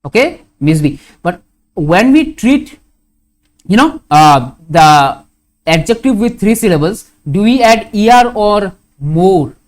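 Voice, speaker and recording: A man with an Indian English accent teaching a grammar lesson, going slowly and repeating his examples, often asking a question and then answering it himself. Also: high-pitched, very animated. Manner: slow, repetitive, asks questions and answers them.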